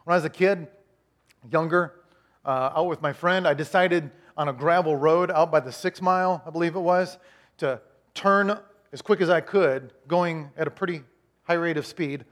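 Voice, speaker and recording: A man's voice: on the high side, normal speed, fairly bright tone. A middle-aged man preaching a sermon in a conversational way. He repeats his key lines, restarts his sentences and acts out the voices of people he talks about. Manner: acts out voices of worshippers and complainers. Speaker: pastor.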